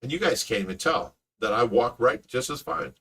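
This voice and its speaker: A middle-aged man hosting a casual live chat, telling stories with lots of laughter and excitement. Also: medium pitch, normal speed, creaky, husky, far from the mic. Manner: animated storyteller, laughs often. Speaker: fish rescue owner and host.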